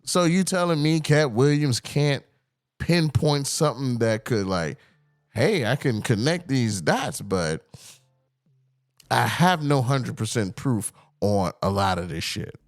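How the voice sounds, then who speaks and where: A man hosting a podcast in casual chat, talking in an animated, profane way and often mimicking other people's voices. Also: mid-range voice, takes it slowly, dry recording, studio quality. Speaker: podcast host.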